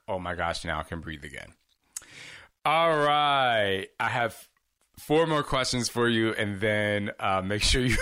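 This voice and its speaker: A man's voice: fairly low pitch, sharp tone, smooth, dry recording, studio quality. A man hosting a casual question-and-answer vlog, talking candidly and chatty, rambling with asides. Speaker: fitness host answering viewer questions.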